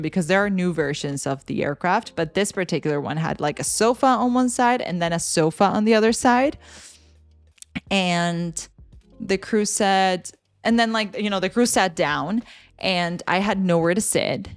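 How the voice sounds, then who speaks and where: A woman who works as a flight attendant tells a work story in a chatty, animated vlog way, full of fillers like "like" and "you know.". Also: medium pitch, no room sound.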